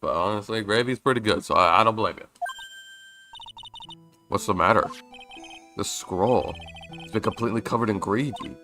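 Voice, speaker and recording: A young man casually chatting while playing a story game, reading its lines aloud and joking loudly between them. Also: lowish voice, moderate pace, pauses often, faint music behind. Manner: chatty, jokey, reads game lines with loud outbursts. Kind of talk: casual let's-play commentary reading dialogue aloud.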